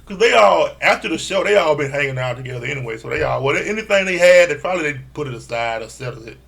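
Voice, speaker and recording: Gravelly-voiced man recapping with gusto. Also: fairly high pitch, fast. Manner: animated, profane, acts out quotes. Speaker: reality TV reviewer. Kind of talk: casual recap commentary.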